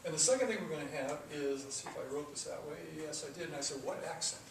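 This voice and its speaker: A man's voice: on the high side, animated, quick pace. A man teaching a classroom coding lesson, talking through the code step by step with casual asides. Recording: echoey classroom from far off with noise.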